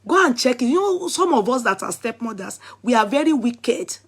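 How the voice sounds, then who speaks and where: Husky Nigerian woman scolding viewers. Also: on the high side, moderate pace. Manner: animated, scolding, repetitive. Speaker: vlogger. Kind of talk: casual commentary.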